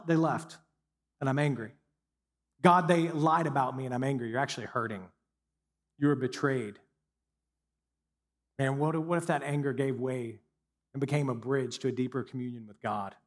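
A man's voice: on the high side, long reverb tail. Emphatic preacher man. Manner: conversational, emphatic preaching with rising intensity. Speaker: pastor. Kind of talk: sermon.

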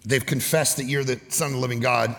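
A middle-aged male pastor preaching a sermon, telling animated stories and often shouting for emphasis. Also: medium pitch, a little fast. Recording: long hall reverb.

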